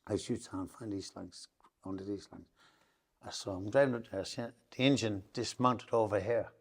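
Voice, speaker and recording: Gravelly irish traveller guy, lowish voice, rambling storyteller, keeps swearing it's the truth. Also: fairly even intonation, normal speed. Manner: rambling, repeats oaths of truth. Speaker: podcast guest. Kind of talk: emotional storytelling.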